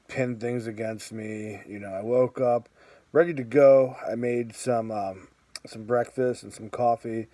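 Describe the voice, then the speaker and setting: A chatty man in his thirties telling a personal story for his vlog, full of fillers and quick laughs. His voice sits in a middle pitch range. It is recorded close and dry, with no room sound. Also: dark tone, no room sound. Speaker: vlogger.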